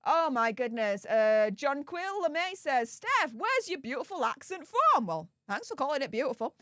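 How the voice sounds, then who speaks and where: A woman's voice: sits high, sing-song, moderate pace, fairly bright tone, dry recording, clean studio sound. A woman with a Yorkshire accent hosting a casual livestream, bubbly and effusive as she greets viewers one after another. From England. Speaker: livestream host. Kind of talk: casual livestream chat with viewer shout-outs.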